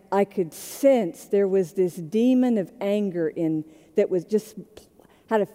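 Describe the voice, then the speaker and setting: A woman pastor preaching a sermon in a conversational storytelling way, moving between quiet and loud moments. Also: mid-range voice, big-room sound.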